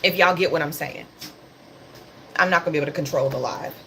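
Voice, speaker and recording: A woman's voice: low voice, fast, a bit bright, slight background noise. A woman hosting a casual livestream, talking about the news in a passionate, sarcastic and blunt way. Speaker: livestream host.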